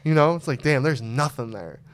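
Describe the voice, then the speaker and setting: Dude telling long rambling stories on his podcast, swears a lot, smooth clear voice. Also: mid-range voice, animated, brisk. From Arizona. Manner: loose, profane, rambling storytelling. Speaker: podcast host. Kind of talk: casual podcast chat.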